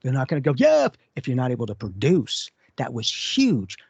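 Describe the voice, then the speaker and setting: A man's voice: mid-range voice, huge pitch swings, normal speed, gravelly, a little mellow, breathy edge, no room sound. A man co-hosting a radio talk show as a psychic medium, telling stories in a casual way and acting out the voices he quotes. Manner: storytelling, acts out quoted voices. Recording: dull lo-fi radio audio.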